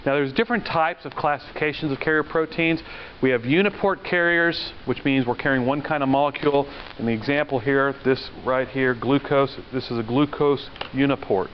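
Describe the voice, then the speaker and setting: Brisk and medium-pitched, a male lecturer gives a conversational university lecture, asking the class questions and slipping in anecdotes. The lo-fi recording sounds dull and carries faint noise.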